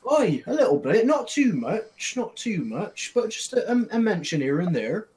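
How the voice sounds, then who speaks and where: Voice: medium pitch, very animated, normal speed, a little mellow, natural voice. A player voicing a small, chatty male travelling merchant who rambles and apologizes in a flustered way during a tabletop game. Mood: friendly. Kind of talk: tabletop role-play in character.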